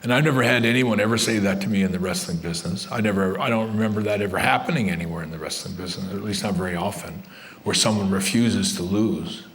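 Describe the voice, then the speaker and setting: A man's voice: on the low side, fast, a bit bright, a little hiss or hum. Blunt older man telling stories. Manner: blunt, rambling, restarts and asides. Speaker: guest wrestler telling stories. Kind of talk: live storytelling to fans. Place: event room with a live crowd.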